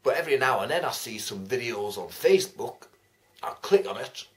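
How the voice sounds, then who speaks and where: A man's voice: mid-range voice, animated, fairly quick, noisy background. A man chatting casually to camera as a vlogger, laughing often and swearing freely. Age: adult, writing a second novel. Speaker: vlogger giving shout-outs.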